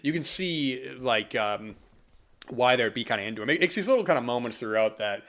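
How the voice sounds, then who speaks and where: A man's voice: medium pitch, lively intonation, brisk, fairly bright tone. A young man hosting a podcast, talking casually about a film in a rambling way, with lots of fillers and restarts. He is from the US East Coast. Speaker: podcast host. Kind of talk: casual film review monologue.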